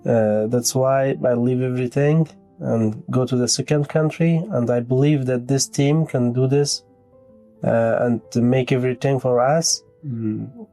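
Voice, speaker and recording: A man from Afghanistan speaks in a testimonial interview. His voice is mellow and warm, and he pauses often with fillers. A soft guitar plays underneath. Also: medium pitch. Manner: hesitant, many fillers, second-language English. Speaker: fiancé of the client.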